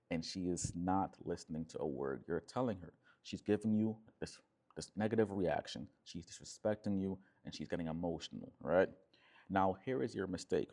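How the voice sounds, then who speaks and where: A man's voice: on the low side, darkish tone. A man coaching listeners on relationships, talking emphatically and checking in with a frequent "right?". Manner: emphatic, repeats "right?" often, acts out quoted voices. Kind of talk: direct-to-camera coaching talk.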